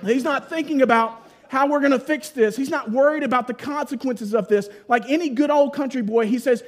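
A man preaching a sermon, telling the story in a folksy, playful way with voiced asides, then dropping to a hushed, solemn tone at key points. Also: extremely high pitch, fairly quick, hardly any pauses.

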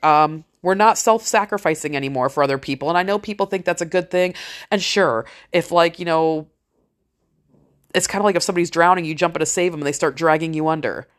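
Woman, middle-aged, slightly low voice, casual monologue, frank, heavy swearing, motivational. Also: brisk. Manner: motivational, rambling.

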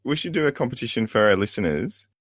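A man's voice: medium pitch, sing-song, fast, a crowd in the background. A man co-hosting a podcast in casual chat, teasing and laughing often. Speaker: podcast co-host.

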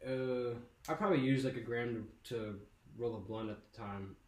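A man's voice: medium pitch, steady tone, normal speed, a little mellow. A young man telling a long, profane story on a casual podcast. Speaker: podcast host. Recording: echoey room with faint noise.

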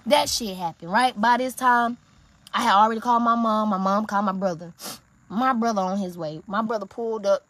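A young woman telling a heated story in a rant, swearing often and breaking into loud outbursts. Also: medium pitch, a little fast, no room sound.

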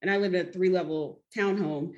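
A woman co-hosting a podcast in casual chat, telling relaxed anecdotes with laughs. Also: fairly low pitch, brisk, highs cut off. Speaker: podcast co-host.

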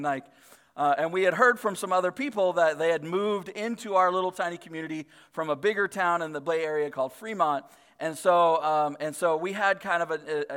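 A man's voice: fairly high pitch, a bit bright. A man in his thirties preaching a casual, storytelling sermon as a pastor, talking in a chatty way full of "like" and restarts. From Northern California. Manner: chatty, filler-heavy, self-deprecating. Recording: long reverb of a large hall.

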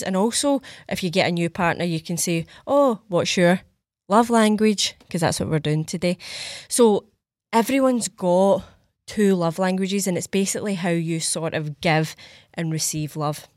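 A woman's voice: fairly low pitch, darkish tone, no echo. Chatty Scottish woman, dry close sound. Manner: chatty, swears freely, acts out quotes. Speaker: podcast host. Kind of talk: casual solo podcast chat.

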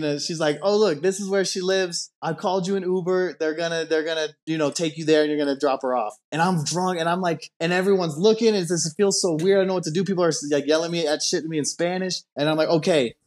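A man telling a long story in casual podcast chat, rambling and animated with lots of fillers. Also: fairly high pitch, fairly quick, hardly any pauses. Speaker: storyteller guest.

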